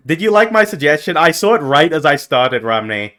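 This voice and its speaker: A young man streaming as a VTuber, chatting casually with his viewers and jumping from mumbled asides to loud yelps. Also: on the high side, lively intonation, normal speed. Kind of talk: casual live-stream chat.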